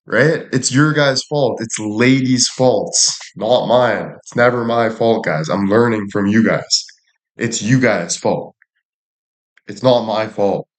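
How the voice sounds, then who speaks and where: A man's voice: fairly low pitch, slow. A man streaming live and chatting casually, joking around, cursing freely and thanking viewers by name. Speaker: livestreamer. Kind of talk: casual livestream chat. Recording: echoey room.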